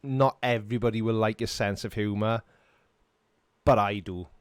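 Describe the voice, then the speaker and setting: A man's voice: on the low side, fairly even intonation, normal speed, clear, resonant tone, no room sound. A middle-aged Welsh man hosting a casual live-stream Q&A, reading viewer comments and answering them in a chatty, self-mocking way. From Wales.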